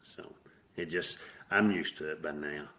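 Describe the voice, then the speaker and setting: A man's voice: rumbling low, fairly even intonation, a little slow, pushed and bright. A middle-aged man with a Southern US accent, talking plainly and at ease as an interview guest, with many fillers. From American South. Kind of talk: casual interview.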